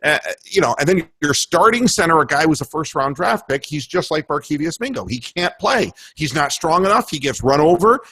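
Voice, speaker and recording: Talk radio host, lively up-and-down delivery, a bit high for a man, rambling rant. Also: fairly quick, hardly any pauses, husky. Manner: animated, rambling, swearing, breaks into mock voices. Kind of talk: casual sports talk.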